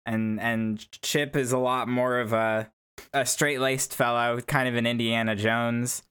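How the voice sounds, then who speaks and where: Smooth-voiced man rambling through explanations. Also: mid-range voice, level tone, unhurried, fairly bright tone. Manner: rambling, hedging with fillers. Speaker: player. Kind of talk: actual-play podcast chat.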